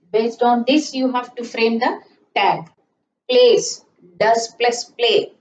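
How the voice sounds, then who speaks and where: A woman teaching grammar from a chalkboard, slowly repeating her examples and checking in with "isn't it?". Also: on the high side, recorded from a distance, slight background noise. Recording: echoey room, voice off-mic, slightly dull.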